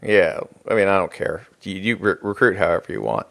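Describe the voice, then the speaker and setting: A man hosts a loose podcast conversation, his pitch leaping up and down as he jokes. He laughs often and slips into silly voices while he talks. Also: sing-song, fairly quick, vocal fry, fairly bright tone. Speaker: podcast host. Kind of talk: casual chat.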